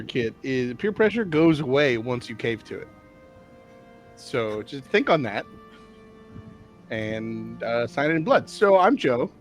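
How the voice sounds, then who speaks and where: A man chatting casually as a player in a tabletop game, joking and rambling. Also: mid-range voice.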